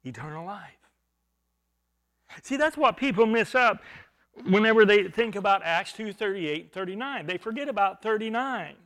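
A man preaching a verse-by-verse sermon, explaining grammar and repeating phrases for emphasis, swinging between loud stressed words and quiet, low asides. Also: expressive, normal speed. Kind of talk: expository sermon.

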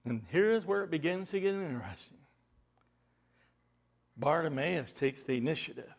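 A man preaching a sermon, asking rhetorical questions and swinging between loud emphasis and hushed asides. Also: fairly high pitch, lively intonation, normal speed, creaky.

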